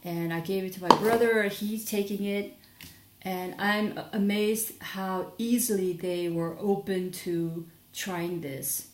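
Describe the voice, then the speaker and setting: A woman's voice: medium pitch, fairly even intonation, takes it slowly, a little mellow, echoey room, a little hiss or hum. A young adult woman chatting casually in a rambling product review vlog, sleepy and full of fillers and restarts. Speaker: vlogger.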